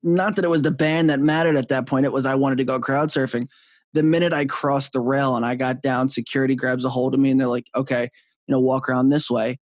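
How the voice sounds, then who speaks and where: A man who works as a radio on-air personality, telling concert anecdotes in relaxed podcast chat and laughing easily. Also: medium pitch, fast, no echo.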